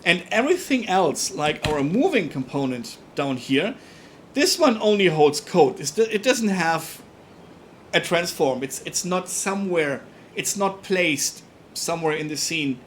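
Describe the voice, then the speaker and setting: A young man with a German accent, a native German speaker, explaining game programming on a live stream in a casual, halting way, often repeating words as he works. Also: a little high, lively intonation, a little hiss or hum. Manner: halting, repeats words, thinks aloud while working. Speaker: livestream programming tutor.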